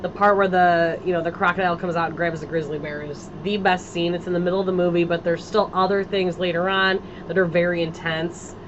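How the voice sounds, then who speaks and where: Female guest, mid-pitched, eager chatty talk, dull lo-fi recording with clear background noise. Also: fairly even intonation, brisk, few pauses. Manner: enthusiastic, chatty. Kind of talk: casual pop-culture chat.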